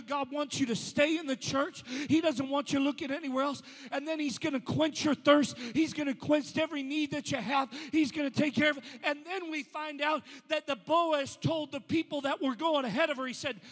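A male pastor with a very high voice preaches in a church sanctuary. He drops to near-whispered pleading, then climbs into shouted fervor. The sound carries a long reverb from the hall. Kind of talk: sermon.

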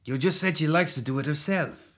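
A man's voice: fairly high pitch, brisk, a bit bright, pitched above the performer's own voice. A man voicing a crude, short-tempered male hybrid fighter who snaps and swears. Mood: gruff. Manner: snapping, profane.

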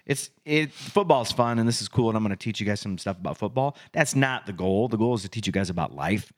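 A man co-hosting a podcast, telling a coaching story in casual chat and acting out his own yelling in loud bursts. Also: on the low side, expressive, quick pace. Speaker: podcast co-host and youth football coach.

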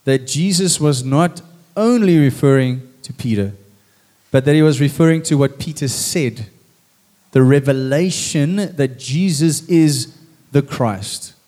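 Preaching in church to a congregation gathered before the stage, this man acts out scripture in a lively, dramatic sermon. His voice runs on the high side and he takes his time.

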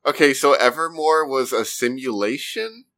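A man's voice: mid-range voice, normal speed, a bit bright. A man co-hosting a podcast, listening and asking hesitant, casual questions. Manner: laid-back listener, short acknowledgements, hesitant questions. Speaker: podcast co-host. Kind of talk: casual chat.

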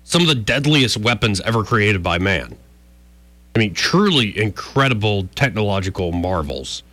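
A man's voice: on the low side, big pitch swings, moderate pace, fairly bright tone, dry recording. A man hosting a talk radio show, wry and joking with rambling asides. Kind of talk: casual talk radio banter.

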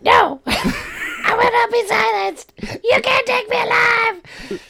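A man squeaking as a shrill defiant goblin girl. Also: expressive, slow, vocal fry, bright, forceful tone, exaggerated voice. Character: feisty defiant little goblin girl who bites. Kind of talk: improvised character voice in tabletop talk.

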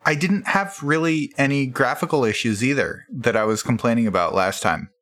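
A man chatting casually with friends about a video game, animated and full of fillers. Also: medium pitch, moderate pace. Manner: animated, laughing, filler-heavy. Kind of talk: casual chat among friends.

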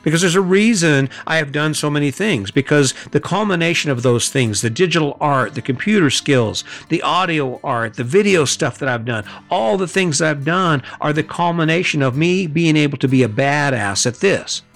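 A man's voice: a little high, expressive, normal speed, creaky, hardly any pauses, fairly bright tone, faint music behind. A middle-aged man hosting a podcast, giving a blunt motivational monologue full of rhetorical questions and swearing. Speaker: podcast host.

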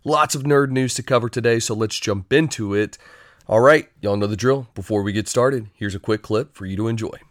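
A man's voice: fairly low pitch, brisk, dry recording, clean studio sound. A man hosting a casual solo podcast, upbeat and chatty with playful asides. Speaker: podcast host.

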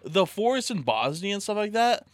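Animated, swearing young man. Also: sits high, moderate pace, dry recording, studio quality. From Idaho. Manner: profane, ranting, animated. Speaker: podcast co-host. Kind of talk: casual chat.

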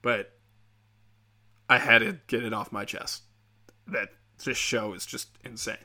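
A man's voice: medium pitch, unhurried, pushed and bright. A young man hosting a solo podcast, rambling casually with lots of fillers and swearing. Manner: casual, profane, many filler likes. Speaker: podcast host.

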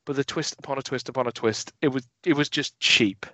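A man co-hosting a casual film podcast, animated and often mimicking scenes in a lowered voice. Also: brisk, dry recording. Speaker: podcast co-host. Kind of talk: casual film review chat. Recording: dull lo-fi dry sound.

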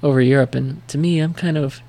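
Gravelly American man telling rambling stories. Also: fairly high pitch, steady tone, brisk, mellow. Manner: rambling storyteller, many fillers. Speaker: podcast co-host. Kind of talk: casual chat.

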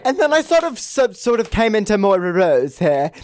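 A man's voice: sits high, very animated, moderate pace, a little mellow. Profane man hosting a podcast. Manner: loose, profane, giggly asides. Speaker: podcast host. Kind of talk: casual chat.

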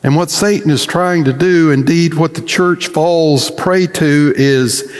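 A man delivers a sermon with folksy, animated storytelling. His voice sits fairly high for a man. The sound carries a long reverb from a church hall. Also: takes it slowly. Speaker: pastor.

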